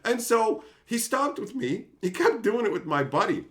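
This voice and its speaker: A man's voice: sits high, moderate pace. Host, male, casual storyteller, voice swings up and down a lot, salty language. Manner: animated, swears, acts out quotes in different voices. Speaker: channel host.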